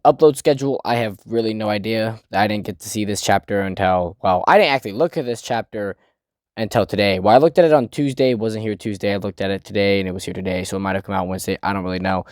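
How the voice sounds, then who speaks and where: A man's voice: lowish voice, fast talker, a little mellow, no echo, clean studio sound. A man giving a casual, rambling chapter review, swearing often and laughing. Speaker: manga reviewer.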